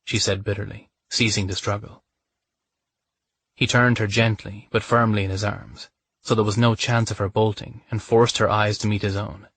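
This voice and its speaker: A man narrating a romance audiobook in a calm, measured reading voice, close to the mic. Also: lowish voice, no echo.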